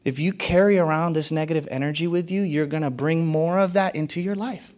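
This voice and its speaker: Man preaching, fairly high voice, emphatic, repeats his lines, swings from hushed to loud. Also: fairly even intonation, a little fast. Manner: emphatic, repeats key phrases, pitch swings widely. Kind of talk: sermon.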